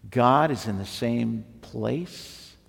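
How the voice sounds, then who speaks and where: A man preaching a sermon as pastor, slow and emphatic, rising at times to near shouting. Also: mid-range voice, creaky, husky. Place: church sanctuary. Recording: long hall reverb, faint music behind.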